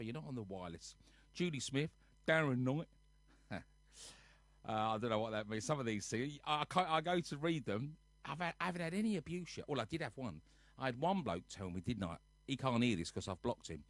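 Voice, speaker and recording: Male home livestream host, mid-pitched, chatty and jokey as he runs through viewer names, dry close sound. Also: animated, moderate pace, a bit bright, dry recording. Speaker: singer hosting a nightly livestream. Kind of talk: casual livestream chat greeting viewers. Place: at home on a sofa.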